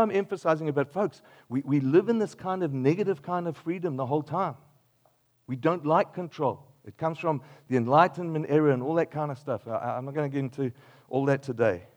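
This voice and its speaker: Older Australian pastor, animated storytelling sermon. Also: male voice, a little high. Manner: animated storytelling with playful made-up examples, dropping to a hushed close.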